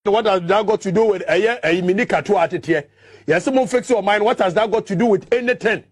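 A man voicing a flustered, stammering man, defending himself in halting words. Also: sits high, pitched above the performer's own voice.

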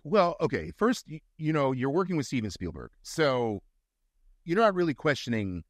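A man's voice: a little high, moderate pace, no echo, studio quality. A middle-aged male actor, a guest, telling stories in a casual interview and acting out the quotes. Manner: animated storyteller, acts out quotes.

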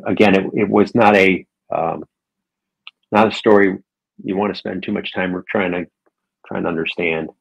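A man's voice: low-pitched, steady tone, moderate pace, creaky, pauses often, breathy edge, low-quality recording. A man, a guest collector on a video call, chatting casually about comic art, enthusiastic and rambling with many ums.

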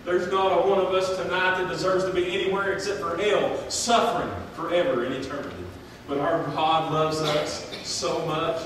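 A man's voice: on the high side, noisy background. Man preaching in an echoey church. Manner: builds from quiet reflection to loud impassioned preaching. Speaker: pastor. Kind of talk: sermon. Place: church sanctuary. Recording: echoey church hall from far off.

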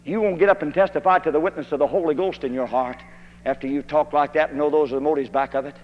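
A preacher from Kentucky, delivering a fiery old-time holiness sermon that rises to shouted emphasis. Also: male voice, fairly high pitch, quick pace. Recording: dull archival tape in a hall.

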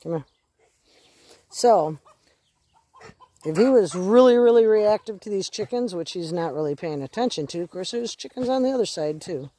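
A woman's voice: mid-range voice, lively intonation, normal speed, pauses often, warm tone, no room sound. A woman casually talking through a dog training walk in her yard, breaking off to give her dog short commands and praise. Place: outdoors in her yard near chickens.

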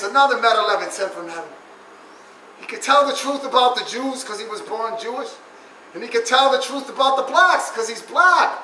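A very high, bright-toned man speaks as a god in a stand-up rant. He chants looping rhymes, repeats lines and jeers with profanity. He sounds far from the mic in an echoey room with faint noise. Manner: preachy, profane and jeering. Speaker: stand-up performer. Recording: roomy echo, distant mic, faint noise.

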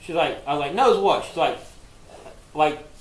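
A man's voice: fairly high pitch, steady tone, moderate pace. Man, casual crude storytelling, rambling, profane, echoey room, faint background noise. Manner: rambling, profane, full of "like" and restarts. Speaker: podcast co-host.

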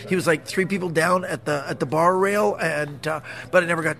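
A Canadian man in his sixties tells stories as a guest in a casual chat. His voice sits a bit high with a gravelly edge, and he talks quickly, laughing as he goes. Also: a bit bright. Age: 60s. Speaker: guest, magician. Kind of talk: casual storytelling.

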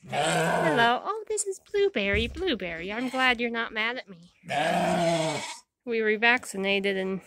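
A woman sheep farmer talking casually to her flock on a handheld phone, cooing at the animals with sudden high calls. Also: animated, unhurried, long pauses, heavy background noise. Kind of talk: casual vlog among sheep. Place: outdoor sheep pasture. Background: sheep bleating.

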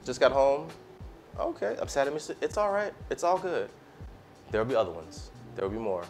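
An American man chats casually with his live-stream audience while cooking, laid-back and slangy. His mid-range voice is very animated, brisk, and a little mellow, with faint music in the background.

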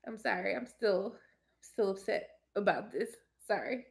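A young woman chatting casually to her viewers, blunt and sassy, ranting with animated emphasis. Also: mid-range voice, measured pace, creaky. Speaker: movie commentator.

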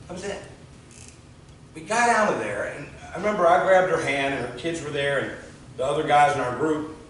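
A man's voice: a little high, slight background noise. Man telling a story in a roomy church. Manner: earnest storytelling, voice drops soft and slow at moving moments. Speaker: guest speaker. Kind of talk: storytelling sermon. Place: church sanctuary. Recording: roomy distant church audio.

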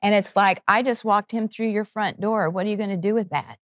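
A middle-aged woman tells a heartfelt faith story in a fervent, earnest way, often stopping to restart her sentences. Her pitch sits in a normal middle range. The studio sound is dry and close. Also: dry recording. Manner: earnest, fervent, halting with restarts and quoted prayers. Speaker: network co-founder. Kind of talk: emotional personal testimony. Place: television studio.

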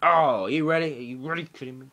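A young man doing let's play commentary, excitable and swearing, shouting at the game. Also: medium pitch, quick pace, muffled recording. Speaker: gaming commentator.

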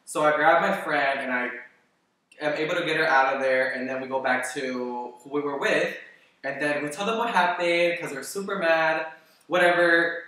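A man vlogger telling a story casually in a rambling, animated way, with constant "like" fillers and swearing. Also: on the high side, moderate pace. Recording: very echoey room, voice far from the mic.

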